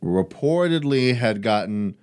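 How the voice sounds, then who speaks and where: A man's voice: medium pitch, animated, a little slow, a little mellow, clear, resonant tone. A man co-hosting a podcast, talking casually and building his points with rhetorical questions. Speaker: podcast co-host.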